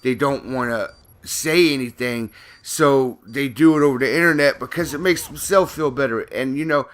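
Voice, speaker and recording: Bright-voiced man ranting profanely. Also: mid-range voice, moderate pace. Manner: profane, rambling, heated. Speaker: gaming YouTuber. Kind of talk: casual ranting commentary.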